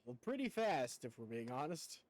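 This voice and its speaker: A man's voice: medium pitch, big pitch swings, normal speed, a little mellow. A man streaming a game, chatting casually with viewers in a rambling way and laughing often. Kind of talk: casual chat while gaming.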